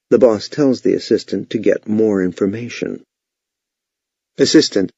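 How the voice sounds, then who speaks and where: A man's voice: lowish voice, normal speed, vocal fry, dark tone, slightly rough, no room sound. A man teaching sales techniques in scripted instructional narration, with an emphatic, authoritative delivery. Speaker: sales trainer. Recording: dull, lo-fi, dry voice-over.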